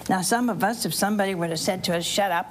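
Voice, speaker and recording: Speaking rapid-fire at a medium pitch, with a little hiss or hum behind her, this woman preacher recounts a Bible story for children and families in church. She's lively, quizzes her audience, and performs the characters' voices.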